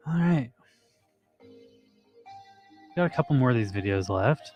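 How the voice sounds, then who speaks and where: A man casually chatting and reacting to videos as co-host, laid-back and quick to laugh. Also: mid-range voice, expressive, muffled recording, faint music behind.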